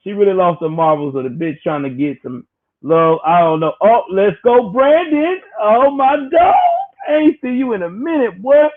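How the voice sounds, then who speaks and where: A man hosts a casual livestream with a high-pitched voice at normal speed, joking in slang and laughing constantly between remarks. His delivery is animated, and the audio sounds tinny, like a phone.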